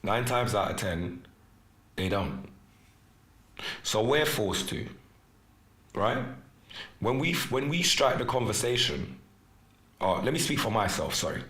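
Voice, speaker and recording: A man's voice: on the low side, slow, long pauses. Teasing man with patois. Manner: animated, teasing, laughs often, drops into patois. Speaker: podcast host. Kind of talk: casual live podcast chat with callers. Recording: echoey room with faint music.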